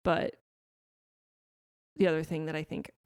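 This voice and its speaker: A woman in her thirties hosting a podcast, talking candidly and reflectively, with frequent restarts and soft laughs. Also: low voice, level tone, measured pace, smooth, no echo, clean studio sound. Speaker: podcast host. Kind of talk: candid conversational podcast talk.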